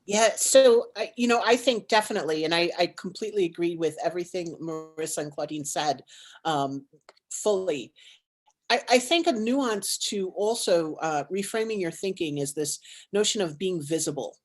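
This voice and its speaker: A woman, co-founder and CEO of a nonprofit, telling a personal story on a panel in a lively, dramatic way full of likes and restarts. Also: lowish voice, normal speed.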